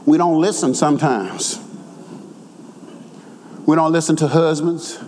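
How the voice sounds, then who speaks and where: A high-pitched man preaches a sermon, his voice ringing out with a long reverb as if in a big hall. He jumps between fast conversational asides and shouted, almost sung lines, often repeating words for weight. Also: slight background noise.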